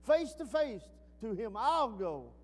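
A man preaching a sermon, swinging from emphatic peaks down to low, quiet asides. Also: big pitch swings, takes it slowly. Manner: rising to emphatic peaks then dropping low. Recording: long reverb.

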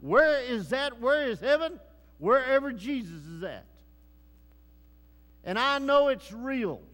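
Preacher guy, high voice, goes quiet then booms, slow, big echoey church. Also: very animated. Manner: swings from hushed to loud preaching. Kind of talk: sermon. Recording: long hall reverb.

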